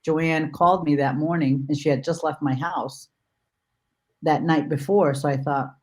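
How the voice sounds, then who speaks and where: A woman dog trainer in casual conversation, speaking haltingly with many restarts and repeated words. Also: low voice, steady tone, darkish tone.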